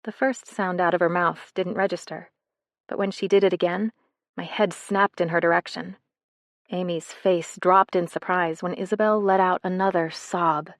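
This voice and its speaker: A woman reading a first-person romance novel in a soft, intimate way, as scripted narration. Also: lowish voice, steady tone, moderate pace, no room sound, clean studio sound. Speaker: audiobook narrator.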